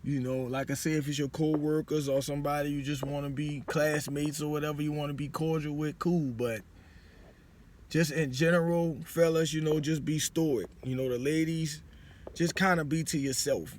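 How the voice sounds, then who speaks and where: A vlogger in his forties from New Orleans, Louisiana, speaks into a phone camera in a fairly high voice, handing out casual life advice. He's loose and conversational, dropping "you know what I'm saying" again and again, with a little hiss or hum on the audio.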